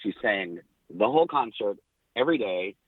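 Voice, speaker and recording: A middle-aged man, a podcast guest, telling lively backstage stories with quoted dialogue. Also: lowish voice, normal speed, no echo. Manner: animated anecdotes with quoted dialogue. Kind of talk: casual storytelling. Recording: tinny phone-like line.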